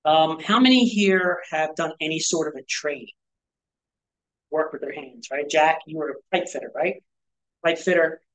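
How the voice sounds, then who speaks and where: A man's voice: a little high, normal speed, a bit bright, rough recording. A male pastor giving a conversational sermon to a small church group, full of rhetorical questions and asides. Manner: rhetorical questions, frequent "right?" and "you know". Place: church gathering.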